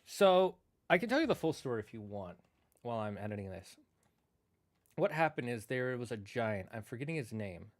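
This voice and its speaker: With a sing-song, mid-range voice at normal speed, a man tells old myth stories while streaming, rambling and self-correcting in casual chat. The audio is clean studio sound without echo.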